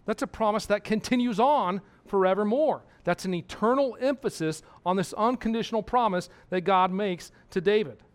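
Male preacher, high voice, emphatic sermon delivery with repeated points and questions to the congregation. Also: normal speed, hardly any pauses.

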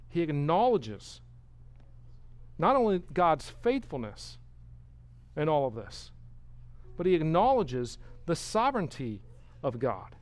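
Higher-pitched man preaching. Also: sing-song, takes it slowly, long pauses, a little mellow. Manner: emphatic, rhetorical questions, varies volume. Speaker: pastor. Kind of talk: expository sermon.

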